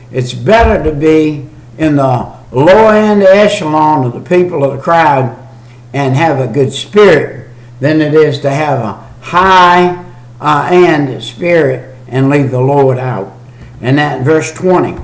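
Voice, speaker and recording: A man preaches a homemade video sermon in a folksy, repetitive way. He reads scripture slowly and then explains it in plain talk. His voice sits a little high and bounces around a reverberant room. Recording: echoey room.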